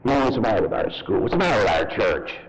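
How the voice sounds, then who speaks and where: A man preaching a fervent sermon as pastor, his voice leaping high for emphasis and then dropping low. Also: big pitch swings, fast, in a large hall, lo-fi sound. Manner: fervent preaching with sharp rises and drops in pitch. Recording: loud background noise.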